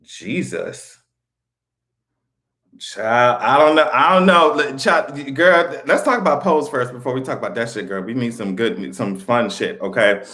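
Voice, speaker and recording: A man talking in a casual commentary vlog, animated, swearing freely and laughing often. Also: mid-range voice, unhurried. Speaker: vlogger.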